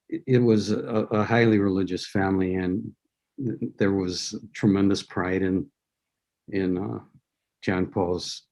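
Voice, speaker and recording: An older man, an author guest on a video call, answering slowly and thoughtfully with many restarts. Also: sits low, a little mellow. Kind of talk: interview answer.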